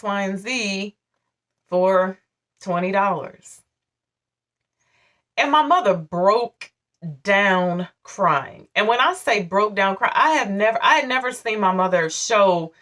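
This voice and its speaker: A woman's voice: lowish voice, fairly bright tone, far from the mic. A woman in her forties telling a painful personal story to her viewers in a candid, emotional, conversational way. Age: 40s. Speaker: vlogger.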